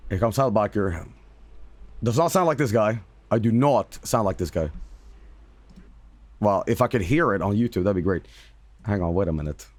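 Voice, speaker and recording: A man's voice: on the low side, animated, normal speed, long pauses, no echo. A man streaming casually who talks emphatically, repeats himself and swears freely. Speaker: streamer and voice actor. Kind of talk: casual livestream chat.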